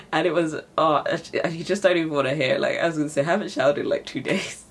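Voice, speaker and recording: A woman's voice: low voice, steady tone, fast talker, slightly rough. A young woman chatting to camera at home, rambling and self-deprecating with frequent laughs. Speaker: writing vlogger. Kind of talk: casual chat to camera. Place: at home, indoors.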